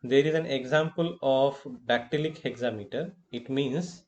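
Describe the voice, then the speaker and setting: A male college professor with an Indian English accent giving a lecture, deliberate and halting, with fillers and self-corrections. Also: mid-range voice, darkish tone, dull audio. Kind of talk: slow lecture on poetic meter.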